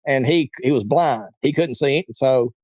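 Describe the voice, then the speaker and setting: A man's voice: medium pitch, measured pace, no room sound, highs cut off. A man in his forties, a guest telling a long story in a casual, rambling way and now and then acting out the voices of people in it. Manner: rambling, acts out quoted voices. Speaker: interview guest.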